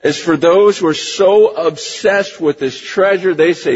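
Fervent male preacher, high husky voice, long hall echo on a dull lo-fi recording. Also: a little slow, a little hiss or hum. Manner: impassioned, swings from hushed to near-shouting. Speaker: pastor. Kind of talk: sermon. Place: church sanctuary.

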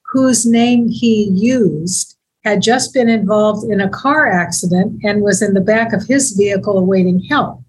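A woman speaking as a deputy district attorney on a public-service talk segment, measured and grave, slowing down when she reads aloud. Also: mid-range voice, slightly rough, rough recording.

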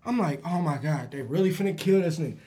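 A man who works as a barber, telling a story in an animated way, acting out the voices with lots of slang. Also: fairly high pitch, quick pace. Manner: acts out every voice in his stories, slangy.

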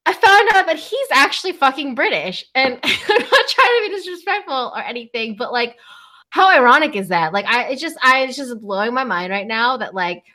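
A woman's voice: high voice, very animated, normal speed, sharp tone. A woman co-hosting a casual podcast, rambling and giggling through a rant, with lots of "like" and the odd swear word. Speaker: podcast co-host.

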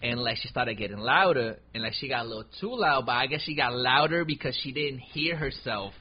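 A man's voice: medium pitch, brisk, slight background noise. A man who is a guest on a casual podcast, telling stories in slangy talk full of fillers. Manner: animated, slangy storytelling with many fillers. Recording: dull lo-fi sound.

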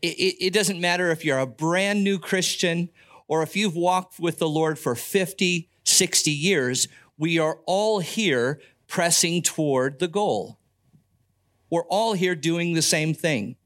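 Slow-preaching older male pastor. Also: on the high side, fairly bright tone. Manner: slow, earnest preaching with folksy asides. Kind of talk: sermon.

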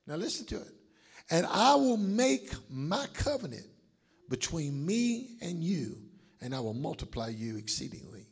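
A man preaching a sermon as pastor, calling on the congregation to answer back and swinging between shouts and hushed asides. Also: high-pitched, slightly rough. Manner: preaching with call-and-response to the congregation.

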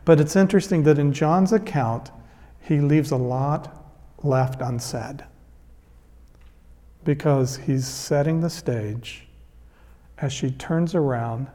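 A man's voice: fairly high pitch, slow, long pauses, warm tone, in a large hall. A man preaching a sermon as a pastor, retelling a scripture story in an earnest, emphatic way.

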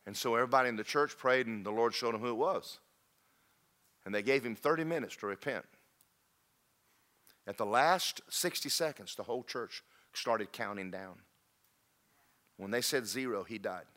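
A man preaching a sermon in a church, telling stories and swinging from loud emphatic peaks to low quiet lines. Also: moderate pace, long pauses. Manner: storytelling, rising to emphatic peaks then dropping low.

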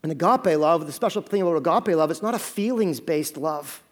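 A male pastor preaching a sermon, earnest and conversational, with slow dramatic pauses. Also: on the high side, lively intonation.

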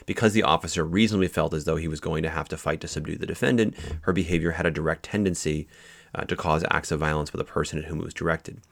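Male instructor, very low voice, explanatory lecture delivery with restarts. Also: steady tone, fast, creaky, fairly bright tone. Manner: explanatory, frequent fillers and restarts. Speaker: legal instructor. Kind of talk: lecture on case law.

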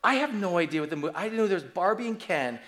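High-voiced animated male preacher. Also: rapid-fire. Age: 40s. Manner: animated storytelling with humor. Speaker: pastor. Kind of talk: sermon.

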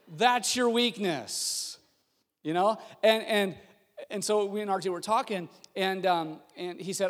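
A middle-aged man preaching a sermon as a pastor, telling a story in an animated way and acting out what people said. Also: high-pitched, unhurried. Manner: storytelling, animated, acts out quotes. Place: church sanctuary. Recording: long reverb of a large hall.

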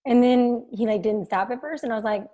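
Woman host, mellow tone, affirming and eager. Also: fairly high pitch, brisk. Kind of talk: casual podcast conversation.

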